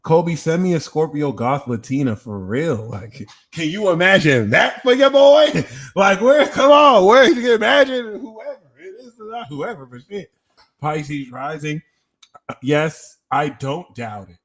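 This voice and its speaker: A young man doing a live-stream tarot reading, talking casually with lots of swearing and slang while answering his chat. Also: medium pitch. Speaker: tarot reader.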